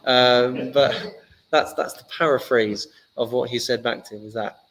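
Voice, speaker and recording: A man's voice: medium pitch, fairly even intonation, a little slow, fairly bright tone, low-quality recording. A man, a rabbi giving a casual lesson, telling stories in a chatty, joking way. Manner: chatty, joking, loose storytelling. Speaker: rabbi teaching a class.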